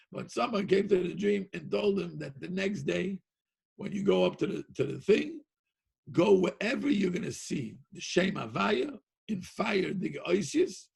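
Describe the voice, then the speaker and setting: Gravelly, animated storytelling man. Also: high-pitched. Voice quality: gravelly, husky. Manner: animated, repeats words, laughs between lines. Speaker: Torah teacher. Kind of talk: storytelling lecture.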